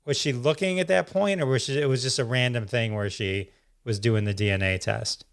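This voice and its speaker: A man's voice: medium pitch, a little fast. A man hosting a podcast, enthusiastic and asking follow-up questions of his guest. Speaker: podcast host. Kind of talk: interviewing.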